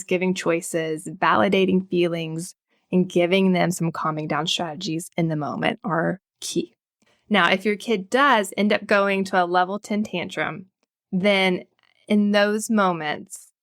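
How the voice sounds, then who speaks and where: A woman, a child psychologist speaking as a podcast guest, calm and reassuring as she explains. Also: lowish voice, no room sound, clean studio sound. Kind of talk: podcast interview.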